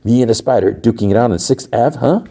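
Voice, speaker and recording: A man's voice: mid-range voice, fast, creaky, dark tone, pitched above the performer's own voice. A man voicing a brash, taunting male supervillain with electric powers, playing him as boastful and mocking.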